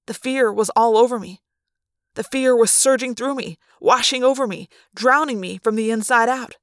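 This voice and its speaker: A woman's voice: on the high side, normal speed, a bit bright, no room sound, studio quality. Woman narrating a fan audiobook.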